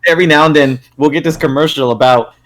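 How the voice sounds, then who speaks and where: A man's voice: a little high, quick pace, a bit bright. A young man co-hosting a podcast, telling a crude rambling story with lots of fillers and laughs. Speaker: podcast co-host. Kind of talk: crude casual chat.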